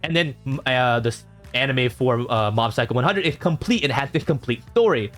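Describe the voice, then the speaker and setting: A man reacting to viewer comments in a casual vlog, reading them out and answering with animated exasperation. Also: a little fast, soft background music. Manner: animated, jumps in pitch when exasperated.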